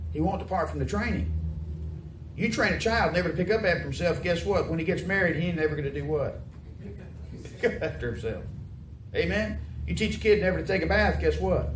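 A man's voice: on the high side, expressive, brisk, long pauses. A man preaching a sermon in a folksy way, often asking his congregation questions. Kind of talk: sermon with call and response. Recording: echoey room, mic from far off, noisy.

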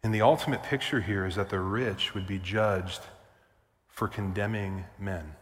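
A man's voice: deep voice, normal speed. A male pastor preaching a sermon, emphatic and repetitive, with casual asides to the congregation. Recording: long church reverb.

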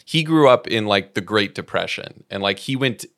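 A man's voice: on the low side, animated, normal speed, fairly bright tone, dry recording, studio quality. A man chatting casually on a podcast, rambling and filling nearly every phrase with "like". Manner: rambling, fills with "like" constantly. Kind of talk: casual chat.

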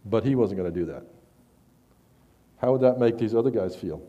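A man preaching a sermon, conversational with stammered restarts, rising loud when he reads scripture. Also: fairly low pitch, lively intonation, normal speed, highs cut off.

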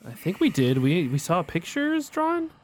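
A man who plays in a tabletop game and jokes lively with the group. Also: high-pitched, unhurried. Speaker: player. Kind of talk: casual tabletop role-play.

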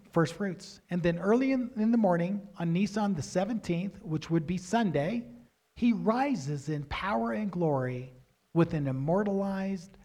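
A man preaching a sermon in a somewhat high voice. He poses questions to his listeners and answers them himself. His stresses grow loud and insistent as he drives each point home. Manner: grows loud and emphatic, rising pitch when stressing points.

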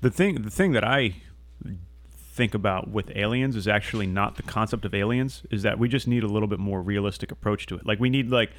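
A man's voice: lowish voice, a little fast. A man co-hosting a podcast in a loose casual chat, laid-back, often saying "dude" and swearing. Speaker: podcast co-host.

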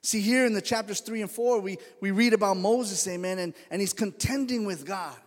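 A man's voice: high voice, moderate pace, long reverb tail. A male pastor preaching a conversational sermon, telling stories and acting out the voices of the people in them. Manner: conversational storytelling, acts out quoted voices. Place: church sanctuary.

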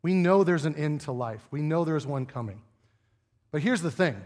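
A man's voice: on the high side, expressive, normal speed, darkish tone. A pastor giving a conversational sermon in a church, often asking his listeners rhetorical questions. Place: church sanctuary. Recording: long reverb of a church hall.

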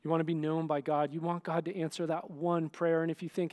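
A man's voice: on the high side, level tone, brisk, few pauses, darkish tone. A male pastor giving a conversational sermon, often checking in with the listeners and acting out scenes. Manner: dramatic, acts out scenes.

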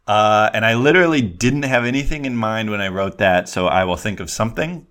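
A man's voice: on the low side, expressive, brisk, fairly bright tone. A man hosting a solo podcast from his desk, rambling and self-deprecating with lots of ums and restarts. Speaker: podcast host.

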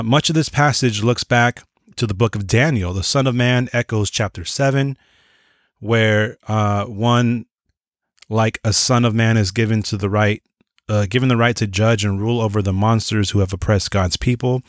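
Low-voiced man teaching a Bible lesson. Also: steady tone, moderate pace, dry recording, studio quality. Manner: earnest, stumbles and corrects himself, casual asides. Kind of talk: reading notes and explaining, with asides.

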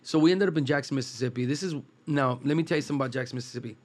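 A man from East Los Angeles tells long, relaxed stories about cooking, his voice sitting at an ordinary middle pitch. He rambles comfortably from one anecdote to the next and acts out the quoted dialogue. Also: very fast. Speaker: guest, food truck cook. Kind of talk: casual storytelling.

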